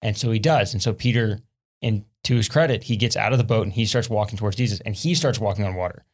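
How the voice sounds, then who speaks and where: A man's voice: on the low side, quick pace, slightly rough. Man retelling a Bible story. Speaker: podcast co-host.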